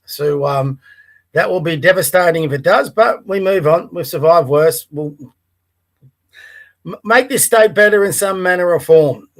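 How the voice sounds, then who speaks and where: A man's voice: on the high side, unhurried, long pauses. A man hosting a conservative livestream podcast near the bay, chatting casually with many fillers and reading a Bible passage aloud. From Australia. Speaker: podcast host. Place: Melbourne, by the bay.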